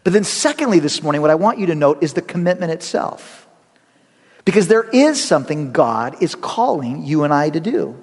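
A middle-aged male pastor with a fairly high voice preaches to his congregation in a lively, conversational way, poking fun at himself. His voice rings out with a long reverb through the church sanctuary. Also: normal speed. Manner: animated, conversational preaching with self-deprecating humor. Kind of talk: sermon.

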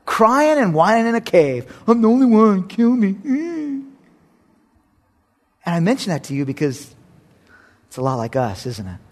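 A male pastor with a notably high-pitched voice delivers a sermon. He tells the story with animated energy and acts out the characters. He moves between forceful emphasis and hushed, intimate asides. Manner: swings between loud emphasis and quiet asides.

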